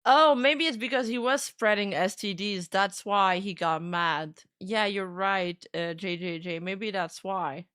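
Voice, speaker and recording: Bright-voiced excitable woman streamer. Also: medium pitch, unhurried, hardly any pauses. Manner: excitable, laughs often, swears. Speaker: streamer commentator. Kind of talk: casual reaction commentary.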